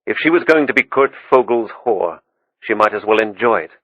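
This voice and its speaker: A male audiobook narrator with a low voice, reading in a steady, measured way. The recording is dry and somewhat muffled. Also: dry recording. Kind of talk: scripted narration.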